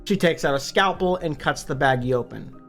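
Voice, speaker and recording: Man, slightly high voice, upbeat casual book recap, soft music underneath. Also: fairly quick. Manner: upbeat, conversational, swears casually. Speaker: book review YouTuber. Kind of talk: casual book summary narration.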